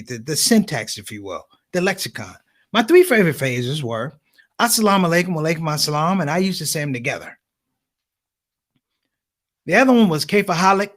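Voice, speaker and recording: Animated stand-up comic, high and lively. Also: male voice. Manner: animated storytelling, addresses audience as brothers and sisters. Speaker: comedian. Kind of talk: stand-up comedy.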